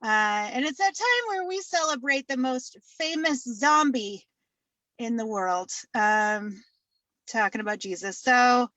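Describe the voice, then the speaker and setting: A woman doing a stand-up comedy set, deadpan, with many fillers and repeated punchlines. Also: a little high, a little slow, no room sound.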